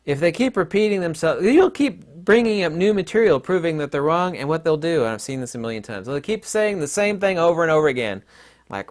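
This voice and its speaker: Blunt middle-aged man, lively pitch. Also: fairly quick. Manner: blunt and combative, with mocking asides. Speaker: online commentator. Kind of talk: opinionated monologue.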